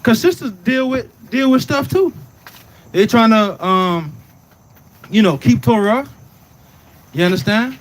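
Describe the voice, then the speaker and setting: Man, bible teacher, casual preaching, high voice, keeps checking "right?". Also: expressive, measured pace, pauses often. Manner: keeps asking "right?" and "you understand?"; prompts the reader to read on. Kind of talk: informal scripture teaching.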